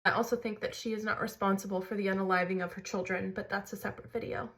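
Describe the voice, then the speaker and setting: A woman's voice: mid-range voice, fairly even intonation, quick pace, fairly bright tone. A woman candidly telling a personal story to camera, earnest and conversational, like a storytime vlog. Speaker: mother sharing her story.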